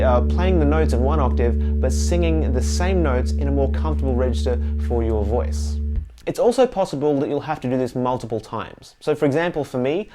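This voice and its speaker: An easygoing man gives a bass lesson in a chatty, relaxed way, sometimes singing notes to show them. His voice sits at a middle pitch. A loud bass guitar plays behind him. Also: normal speed. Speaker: bass teacher. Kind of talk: instructional music lesson.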